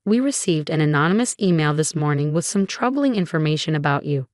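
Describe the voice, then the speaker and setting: A stern businesswoman in her forties conducting a job interview, put on by a female storyteller. Her words come out crisp and clipped, pitched a little low, in a dry, close sound. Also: lively intonation, a little fast, darkish tone, dry recording.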